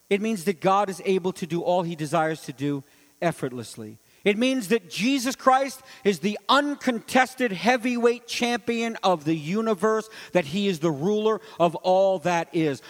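High-voiced preacher in an echoing hall. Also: male voice. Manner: impassioned preaching, swinging from loud climaxes to hushed asides; asks rhetorical questions. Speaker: pastor. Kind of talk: sermon. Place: church sanctuary.

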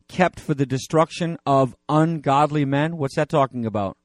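A man's voice: a little high, normal speed, no room sound, clean studio sound. A middle-aged man preaching a sermon as pastor, in a conversational way with frequent fillers and restarts.

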